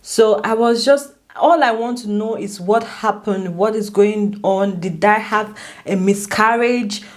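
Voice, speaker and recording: Woman vlogger, casual storytelling to camera; emotional, restarts often, voice leaps up and down. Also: measured pace. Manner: emotional, animated, with many restarts and swings in pitch.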